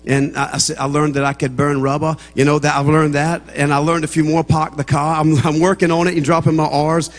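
Talking fast and barely pausing, a man with a Southern American accent and a high-ish, flat-pitched voice preaches as a guest in a church sanctuary. He kicks off with jokes for the congregation, then builds into fervent preaching under a long church reverb.

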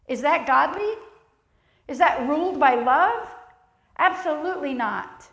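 A woman preaching a sermon in a church, emphatic and lively, acting out the voices of the people she quotes. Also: high voice, unhurried, creaky, pauses often. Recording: echoey church hall.

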